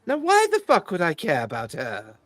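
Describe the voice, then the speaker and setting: Man doing a haughty fae security chief, pompous, condescending, higher voice, very lively pitch. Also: normal speed, no room sound, soft background music, heavily acted. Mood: scornful. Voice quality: pompous, condescending, says "dear boy".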